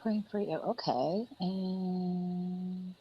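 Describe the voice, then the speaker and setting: A woman's voice: lowish voice, steady tone, drawn-out words, dull audio, slight background noise. A woman co-hosting a casual chat, teasing and giggly. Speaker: co-host.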